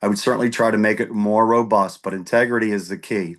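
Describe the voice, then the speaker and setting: A man's voice: lowish voice, fairly even intonation, fast. A man speaking as a candidate at an online forum, giving an emphatic debate answer and repeating key words. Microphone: video call.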